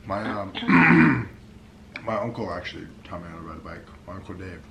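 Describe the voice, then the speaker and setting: A man's voice: sits low, very animated, moderate pace, creaky, reverberant, muffled recording, very noisy. A young man chatting casually on a family vlog, hesitant with many fillers. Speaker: vlogger's husband. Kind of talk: casual chat.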